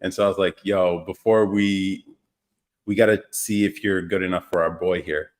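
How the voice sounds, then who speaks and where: Deep-voiced young man hosting a live chat. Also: steady tone, normal speed. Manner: loose, joking, laughs often, reads out viewer comments. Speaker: podcast host. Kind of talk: casual livestream chat.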